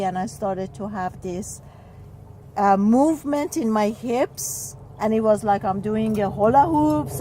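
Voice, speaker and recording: Woman healer, expressive storyteller, mid-range voice. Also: mid-range voice, a little hiss or hum, low-quality recording. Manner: expressive, acts out quoted speech, frequent "like". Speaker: spiritual healer guest. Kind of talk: personal storytelling in an interview.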